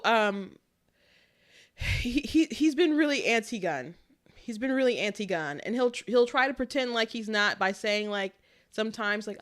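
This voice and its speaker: A woman's voice: medium pitch, a bit bright. Chatty woman hosting political talk. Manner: chatty, laughs often, quick asides. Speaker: political commentary host. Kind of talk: casual political commentary.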